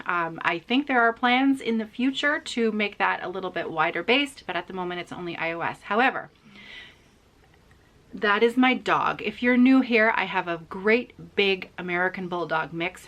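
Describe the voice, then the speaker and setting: A middle-aged woman talks casually to her viewers about her needlework, in a chatty, self-deprecating way full of restarts and little fillers. Her voice sits fairly low yet sounds bright and forceful. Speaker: cross-stitch vlogger. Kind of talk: casual chat to camera.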